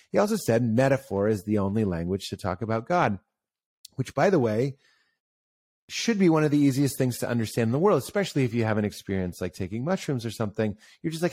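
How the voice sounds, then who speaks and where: A man in casual conversation who tells stories with animation, often jumps up in pitch for emphasis and acts out the voices he quotes. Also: darkish tone, dry recording.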